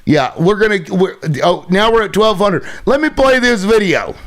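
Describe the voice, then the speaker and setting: A man with a high voice and lively intonation speaks at a moderate pace. He is hosting a livestream, irritated and ranting with sarcasm and heavy swearing in a profane tirade.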